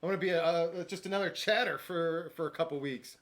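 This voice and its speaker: A man's voice: a little high, fast talker, fairly bright tone. A man co-hosting a podcast in casual chat, tasting treats, trailing off into fillers and restarts. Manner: hesitant, many filler restarts. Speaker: podcast co-host.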